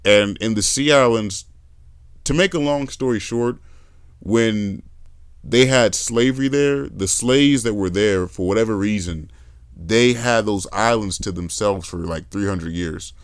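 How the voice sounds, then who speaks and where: A young adult man hosting a podcast, chatting casually and telling animated stories with accent imitations. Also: lowish voice, a little slow, clean tone, dry recording, studio quality. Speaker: podcast host. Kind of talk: casual conversation.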